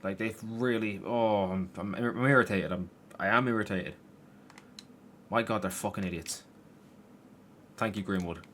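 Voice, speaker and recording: Low-voiced man swearing over gameplay. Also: unhurried, pauses often, fairly bright tone, slight background noise. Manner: swearing, frustrated outbursts at the game. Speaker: gaming YouTuber. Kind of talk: gameplay commentary. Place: his room at home.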